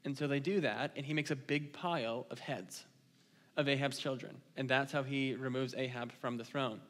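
A man's voice: mid-range voice, fairly even intonation, normal speed, a bit bright. A man preaching a sermon in a church, retelling scripture stories in a casual, conversational way. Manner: conversational storytelling, paraphrasing scripture. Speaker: pastor. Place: church sanctuary. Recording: long hall reverb.

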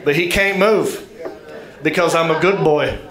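A middle-aged Southern man doing stand-up, his voice sitting a little high for a man, drawling and mocking himself as he builds to each punchline. The sound is roomy and echoey, with a crowd laughing loudly behind him. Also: measured pace. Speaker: stand-up comedian. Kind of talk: stand-up storytelling. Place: comedy club stage. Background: audience laughter.

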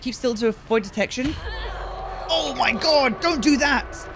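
A man giving excited commentary on a horror game while playing, swearing often and switching between low mutters and sudden yells. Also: unhurried, noisy background. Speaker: gaming video creator. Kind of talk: gameplay commentary. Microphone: gaming headset.

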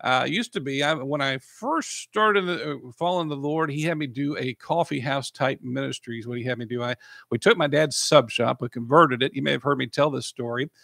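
Gravelly pastor, emotional. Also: male voice, medium pitch, fairly quick, a bit bright, dry recording, clean studio sound. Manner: emotional, repeats "praise the Lord". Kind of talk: podcast sermon and prayer.

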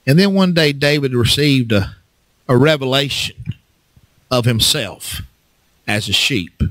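A man preaching a fervent sermon as pastor, swinging from low talk up to shouts and calling on the congregation to answer. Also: unhurried, dry recording. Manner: fervent, rises to shouts, call and response.

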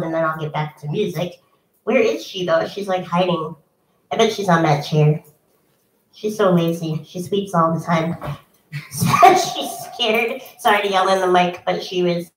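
A young woman musician chatting casually between songs at a home concert, with lots of ums and self-deprecating asides. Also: fairly low pitch. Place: home, indoors. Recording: echoey room, from a distance.

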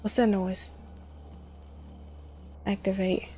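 Playing through a horror game, this gamer speaks slowly in a mid-range, level voice that's dark and slightly rough. She gets jumpy and exclaims, addressing both herself and her viewers.

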